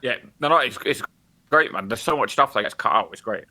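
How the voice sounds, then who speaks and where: A man's voice: medium pitch, expressive, fairly quick, sharp tone. Blunt, sweary young man. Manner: blunt and sweary, with many fillers. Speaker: podcast co-host. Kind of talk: casual chat.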